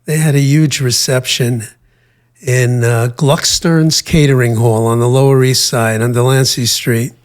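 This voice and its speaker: Older guy telling his story in an interview, slow and thoughtful, lots of uh and um, ordinary mid pitch. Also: fairly even intonation. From United States. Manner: measured, with frequent hesitations and fillers. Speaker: interview guest.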